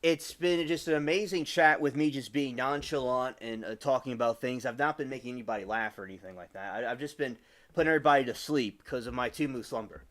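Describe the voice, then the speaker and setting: A man's voice: mid-range voice, fast talker, a bit bright. A man in his twenties rambling casually on a live stream, greeting chat viewers by name and restarting his sentences often. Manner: rambling and chatty, with many restarts.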